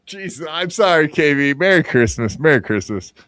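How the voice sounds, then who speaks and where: A man's voice: fairly high pitch, big pitch swings, moderate pace, fairly bright tone. A man hosting a podcast in casual, crude chat, rambling with lots of fillers and poking fun at himself. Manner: rambling, crude, self-mocking, many fillers. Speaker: podcast host.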